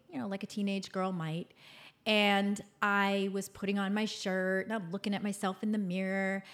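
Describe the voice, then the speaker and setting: Podcast host, woman, 50s, expressive personal storyteller who moves between hushed and bright. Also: mid-range voice. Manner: expressive, swings from loud and bright to hushed and soft.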